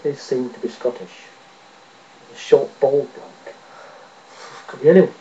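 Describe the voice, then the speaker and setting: A man's voice: mid-range voice, fairly even intonation, unhurried, mellow, lo-fi sound, a little hiss or hum. A man rambling and joking casually to his webcam, swearing now and then and mocking himself. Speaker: vlogger. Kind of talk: casual rambling video chat.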